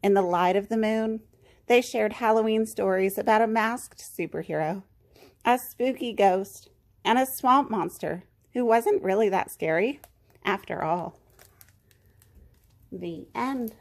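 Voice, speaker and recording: Slow, gentle woman reading a storybook. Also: mid-range voice. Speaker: children's story reader. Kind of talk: reading a picture book aloud.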